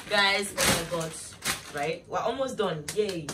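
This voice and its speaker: A young woman talks straight to her viewers in a chatty, gushing way, her voice sitting fairly low. She is picked up from a distance, with clear room noise running underneath. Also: unhurried. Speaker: vlogger. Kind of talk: casual unboxing chat to viewers.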